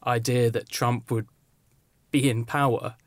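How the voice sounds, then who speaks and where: A man talking as a co-writer guest in a film interview, in a relaxed, conversational way. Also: medium pitch, unhurried, no echo.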